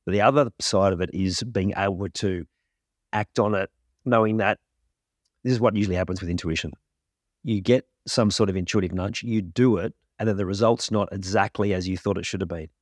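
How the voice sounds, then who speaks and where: A man speaking as a podcast guest, his voice very low and steady. He explains his ideas calmly and reflectively at length, in a close, dry recording. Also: a little fast, dry recording. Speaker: podcast guest, grief coach. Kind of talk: interview explanation.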